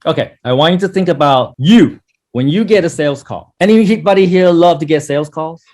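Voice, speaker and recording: Brief: male sales trainer, slightly high voice, blunt and scolding, lectures a class. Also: fairly quick, a little mellow. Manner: blunt, scolding, swears, acts out sample calls.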